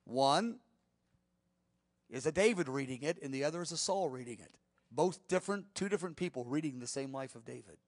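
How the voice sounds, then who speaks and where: A man preaching a sermon as a Bible teacher, telling the story with animated swings from soft to emphatic. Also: fairly high pitch, fairly quick, dry recording.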